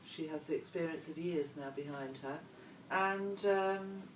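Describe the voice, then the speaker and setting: A woman's voice: low voice, unhurried, a little hiss or hum. A woman, chatting as an interview guest in a rambling, conversational way. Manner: chatty, meandering, trailing asides. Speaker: interview guest, former model. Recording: echoey room, voice picked up from a distance.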